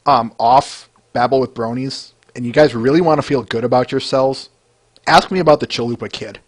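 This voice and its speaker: Speaking at a normal speed in a mid-range voice, this male podcast host talks excitedly about fan art. It's a relaxed, chatty conversation sprinkled with fillers and laughs.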